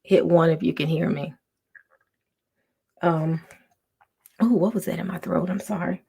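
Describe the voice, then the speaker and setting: Gravelly low-voiced woman. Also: steady tone, unhurried. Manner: soft, half-whispered talk with many ums and restarts. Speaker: livestream host. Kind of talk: casual livestream chat. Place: home.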